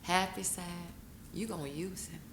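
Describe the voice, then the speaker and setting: A woman, a guest telling her story in an interview, emotional and quick to break into laughing retellings. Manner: emotional, bursts into laughing high-pitched retellings. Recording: echoey room with noticeable noise.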